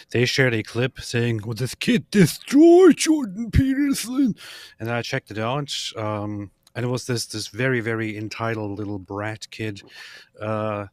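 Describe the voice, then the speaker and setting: A man's voice: fairly low pitch, fairly bright tone, no echo. A male guest on a casual livestream, telling a story loosely and often restarting his words.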